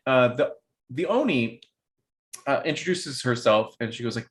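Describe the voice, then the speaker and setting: A man runs a tabletop game and narrates as game master. He rambles through his descriptions with plenty of fillers, at a mid-range pitch. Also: expressive, normal speed.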